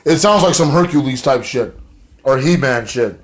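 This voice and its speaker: A man's voice: medium pitch, expressive, moderate pace. A man recapping a wrestling show in a rambling, casual way, full of fillers and swearing.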